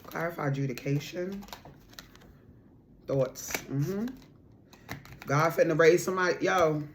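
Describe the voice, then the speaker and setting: A woman's voice: deep voice, unhurried, a little hiss or hum. A woman giving a casual spiritual card reading to her viewers, repeating her points with emphasis and calling the listener boo and honey. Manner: bursts into loud laughter and raised voice when excited.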